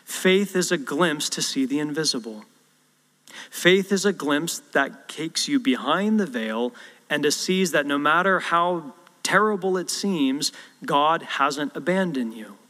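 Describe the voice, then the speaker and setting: A man's voice: on the high side, expressive, unhurried, sharp tone. A male pastor preaching a sermon and telling a story, acting out the quotes as he goes. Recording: long hall reverb.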